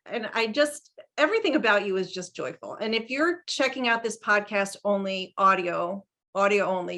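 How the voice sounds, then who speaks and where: Chatty woman podcast host. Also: medium pitch. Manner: chatty, animated storytelling with frequent laughs and restarts. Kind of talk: casual conversational interview.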